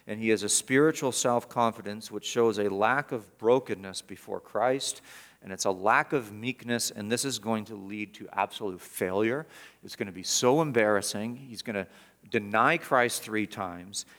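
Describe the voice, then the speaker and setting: A middle-aged male pastor preaching verse by verse, swinging from loud emphatic peaks to low, quiet asides. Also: moderate pace. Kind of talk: expository sermon.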